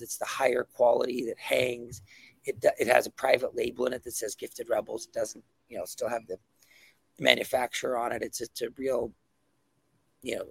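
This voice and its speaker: Man, comic creator guest, gravelly voice, dry sound, enthusiastic and full of ums. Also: mid-range voice, bright, forceful tone, no echo. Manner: enthusiastic, many ums and restarts. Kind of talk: casual podcast chat.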